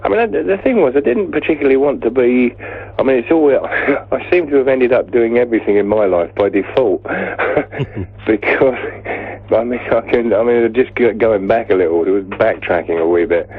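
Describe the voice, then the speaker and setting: An English man with a husky, low voice tells rambling stories and breaks into laughs often. He comes through a tinny phone line. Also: moderate pace. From England. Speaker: guest musician. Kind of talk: casual phone interview storytelling.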